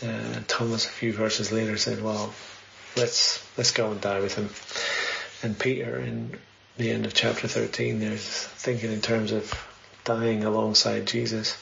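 A man's voice: lowish voice, little pitch movement, a little slow, vocal fry, pushed and bright. Guy preaching casually, lots of questions, dull lo-fi sound with a bit of background hiss. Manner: conversational, earnest, poses many questions. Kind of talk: sermon, Bible reading and reflection. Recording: slightly dull, faint background noise.

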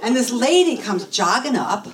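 Animated middle-aged woman telling a story. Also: on the high side, normal speed, slight background noise. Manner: animated, acts out the voices in her story. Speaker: guest telling a personal story. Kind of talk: emotional personal storytelling. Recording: voice a bit distant from the mic.

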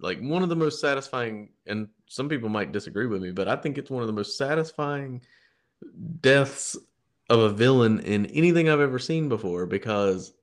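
A man co-hosting a podcast, talking about movies in a rambling, enthusiastic way, with frequent restarts. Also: medium pitch. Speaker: podcast co-host. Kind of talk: casual film discussion.

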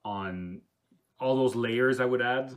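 A man who runs tabletop games, talking casually in a halting way with restarts and soft laughs. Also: mid-range voice. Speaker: game master. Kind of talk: casual podcast chat.

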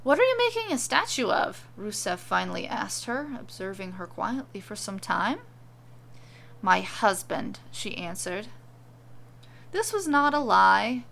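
A woman narrating a comic storybook tale with a deadpan, wry delivery. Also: fairly high pitch, gravelly.

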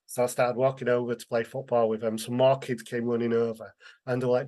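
Man, earnest, candid storytelling, mid-pitched voice, lively quoted voices. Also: fairly quick. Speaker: interview guest, author.

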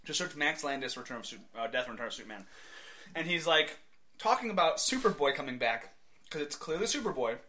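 Lively, bright-voiced man chatting. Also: a little high. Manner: animated, quick to joke and act out comic scenes. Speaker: podcast co-host. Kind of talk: casual chat.

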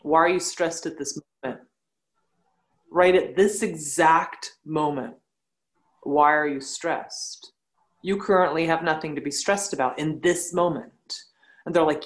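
A woman, a yoga teacher, speaking bluntly and telling animated stories in a casual podcast conversation. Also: low voice, unhurried, rough recording.

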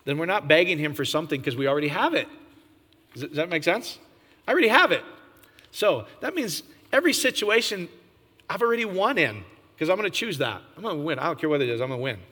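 A man preaching an informal sermon, animated, often jumping to a high, excited pitch and asking his listeners questions. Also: fast, big-room sound. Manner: animated, jumps to high excited pitch, laughs, asks the audience.

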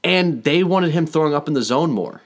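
A man's voice: on the high side, animated, fairly quick. A man co-hosting a casual sports podcast, easygoing and steering the talk from topic to topic. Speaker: podcast co-host.

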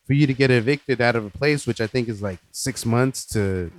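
A man's voice: mid-range voice, fairly quick, no room sound. Laid-back swearing man on a podcast. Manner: relaxed, swears freely, reassuring. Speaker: podcast co-host. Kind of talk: casual podcast chat.

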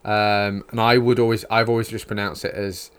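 Young Yorkshire man, lowish voice, rambling podcast host, filler-heavy, teasing. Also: flat delivery, moderate pace, a bit bright, smooth. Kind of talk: casual podcast chat.

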